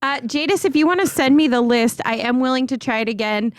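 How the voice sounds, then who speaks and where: A woman's voice: high-pitched, fairly quick, no room sound, studio quality. A woman co-hosting a podcast in casual chat, teasing and bantering flirtatiously. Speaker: podcast co-host.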